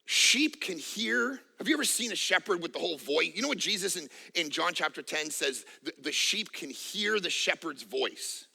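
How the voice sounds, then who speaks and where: Pastor, man, 40s: sharp, bright-edged voice, high-set, emphatic repeating sermon delivery with quips. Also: gravelly. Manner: emphatic, repetitive, joking asides.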